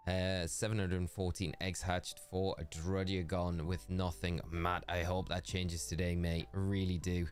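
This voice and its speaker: A man's voice: deep voice, little pitch movement, a little slow, few pauses, soft background music. A young man streaming a game, chatting casually and in a friendly way with viewers and calling them "mate". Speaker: gaming streamer. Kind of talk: casual live-stream chat.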